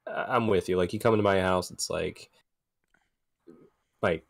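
A man's voice: low voice, unhurried, gravelly, no echo, studio quality. A man guesting on a casual podcast, talking in a blunt, laid-back way and laughing often.

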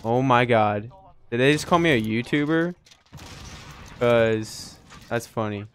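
Young man, casual game commentary, excitable, laughs a lot, mid-pitched voice. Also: slow, slight background noise. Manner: excitable, laughing, lots of "dude" and "yo"; soft-spoken and rambling in the intro. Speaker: gaming YouTuber.

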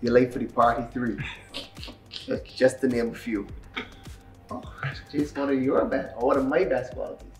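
A young man and cricketer chatting casually with a friend, relaxed and laughing, with hesitant restarts. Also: mid-range voice, moderate pace, long pauses, reverberant, far from the mic, faint music behind. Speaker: cricketer, interview guest. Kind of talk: casual chat between friends.

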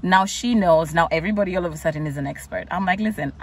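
A woman's voice: lowish voice, quick pace, recorded from a distance, a little hiss or hum. Chatty woman vlogger telling a story. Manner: chatty, exasperated retelling with many "like"s. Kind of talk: casual storytelling vlog.

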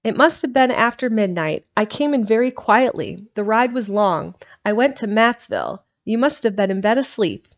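A woman's voice: a little high, lively intonation, moderate pace, hardly any pauses. A woman voicing an awkward, sheepish older uncle in a storybook reading, speaking hesitantly. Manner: hesitant, stammering. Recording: dull lo-fi home recording.

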